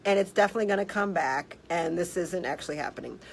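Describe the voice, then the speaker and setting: Blunt, animated woman telling a story. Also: lowish voice, fast talker, a little hiss or hum, poor audio. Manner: blunt, animated, swears casually. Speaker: health practitioner. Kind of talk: casual storytelling vlog. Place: office.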